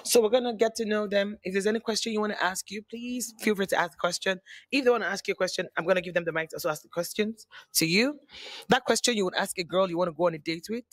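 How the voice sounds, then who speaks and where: A woman with a Nigerian accent hosting a dating game show, brisk and teasing as she directs contestants. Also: medium pitch, no echo.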